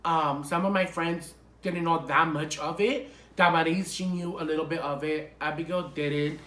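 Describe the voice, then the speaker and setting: Young male vlogger, casual and profane story time, sharp bright tone, roomy echo. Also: fairly high pitch, fairly even intonation, normal speed. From Los Angeles area.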